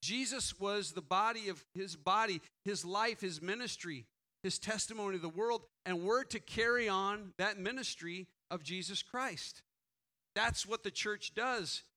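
Man preaching as pastor: high-pitched, bright, earnest delivery with repeated questions. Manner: earnest, rhetorical questions, frequent restarts; prays quietly and slowly. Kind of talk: sermon.

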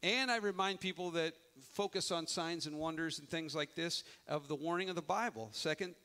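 A man's voice: a little high, normal speed, sharp tone. A middle-aged male pastor giving a sermon in a conversational, emphatic way, often restarting his sentences.

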